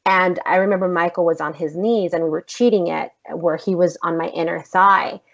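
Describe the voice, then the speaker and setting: A woman actress telling a story in a casual podcast interview, animated and emphatic, swearing freely. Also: lowish voice, normal speed, vocal fry. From United States. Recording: slightly dull lo-fi podcast audio.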